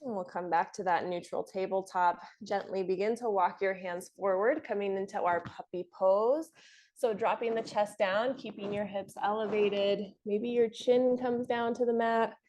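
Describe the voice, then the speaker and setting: A young woman leads a yoga class in a calm, encouraging voice. She talks you through each pose and laughs softly now and then. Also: medium pitch, moderate pace. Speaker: yoga instructor. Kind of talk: guided yoga class instruction.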